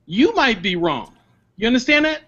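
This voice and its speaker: A man's voice: very high-pitched, sing-song, normal speed, bright, forceful tone, dull audio. Firm lecturing man on a video call. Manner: firm, lecturing, cuts in with repeated commands. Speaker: panelist mediating a discussion. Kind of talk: heated casual debate.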